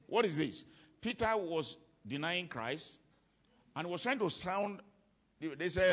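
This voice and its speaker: This man's voice sits high and sounds a bit bright, very animated though a little slow. He is a preacher teaching on ministry, giving an emphatic sermon to a congregation and repeating his key lines to drive them home.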